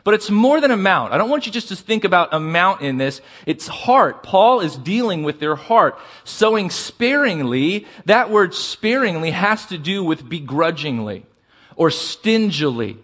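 A man preaching a sermon as pastor, asking the congregation for responses and slowing down to stress key words. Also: high voice, big pitch swings, a bit bright.

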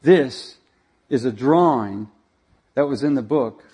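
A male preacher telling a dramatic story in a sermon, animated and directing slides as he goes. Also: mid-range voice, slow pace, slightly rough.

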